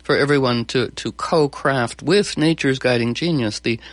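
A man's voice: mid-range voice, normal speed, no room sound. Male host rambling eagerly, lots of restarts, dry close sound. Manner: rambling, many restarts, animated. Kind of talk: enthusiastic interview talk.

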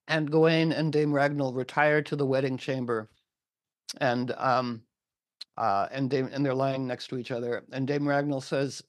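Man, mid-pitch, lively storyteller, dry room. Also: normal speed, no room sound. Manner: animated, acts out quotes with filler words. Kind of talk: casual retelling of a legend.

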